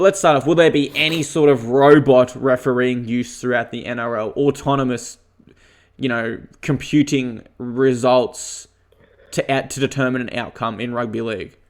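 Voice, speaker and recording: A man co-hosting a podcast, earnestly leading topics and posing questions in casual chat. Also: medium pitch. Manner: earnest, measured, leads the segments. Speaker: podcast co-host.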